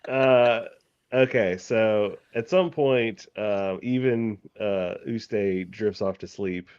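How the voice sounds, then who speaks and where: A man narrating a tabletop game as game master, halting and full of fillers, through a dull, lo-fi mic. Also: on the low side, darkish tone, smooth, dry recording.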